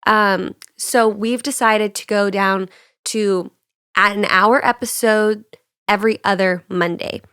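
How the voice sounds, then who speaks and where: A young woman co-hosting a podcast in casual chat, relaxed on a couch, her voice still a little sick. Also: mid-range voice, slow, clean tone, no room sound, studio quality. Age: young adult. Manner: chatty, laughs often, relaxed. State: slightly sick voice. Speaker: podcast co-host. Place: on a couch indoors.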